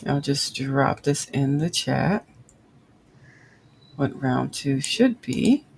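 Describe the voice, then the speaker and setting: A woman with a gravelly voice hosts a live crochet lesson, counting her stitches aloud at an unhurried pace. She chats with her viewers as she works, and a faint room hum sits behind her. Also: a bass voice, animated, darkish tone, low-quality recording. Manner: chatty, reads and answers live chat. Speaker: crochet livestream host.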